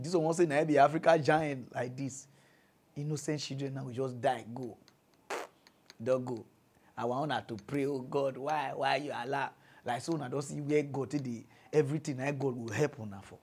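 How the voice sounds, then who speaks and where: Nigerian male comic host, high voice, loud mocking rant with sudden drops. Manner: loud, mocking, swings between shouting and muttering. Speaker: comedic mock news host.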